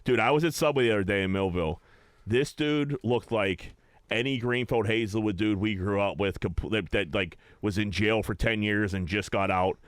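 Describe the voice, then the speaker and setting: A young man with a low, smooth voice tells a story on a podcast, casual and full of swearing. He acts out the people in his story as he goes. The recording is close and dry. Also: moderate pace, no room sound. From Pittsburgh area, USA. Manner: animated storyteller, swears a lot, acts out customers' lines. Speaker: podcast host.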